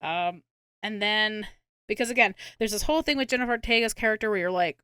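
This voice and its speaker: A woman's voice: on the high side, fairly quick, pushed and bright, smooth, no room sound, clean studio sound. A young woman co-hosting a podcast, recapping a film in casual chat, swearing and acting out characters' lines. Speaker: podcast co-host.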